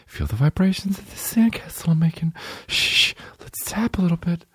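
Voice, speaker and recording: Whispered role-play: man doing a breathy, swaggering bro-celebrity ASMR bit, high, dry close sound. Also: expressive, moderate pace, a bit bright, no echo. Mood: mock-soothing.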